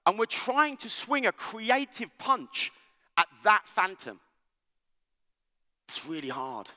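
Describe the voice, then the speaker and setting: A man's voice: sits high, takes it slowly, long reverb tail. A man giving a joking, conversational conference keynote, often checking in with the audience. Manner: animated, joking, conversational with frequent "right?". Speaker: conference speaker. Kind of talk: keynote talk. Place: large conference hall.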